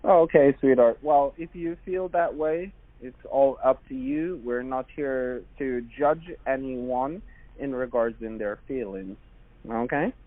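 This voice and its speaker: A man with a Jamaican accent making a pushy phone pitch, repeatedly calling the listener madam and sweetheart. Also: slow pace, slight background noise. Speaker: phone scammer. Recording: dry tinny phone line.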